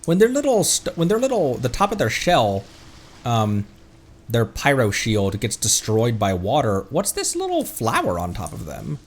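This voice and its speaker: A man's voice: mid-range voice, wildly swooping pitch, normal speed. A man streaming a game, chatting casually as he plays, rambling, stumbling over words and giggling. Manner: rambling, self-correcting, giggly. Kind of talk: casual gameplay commentary.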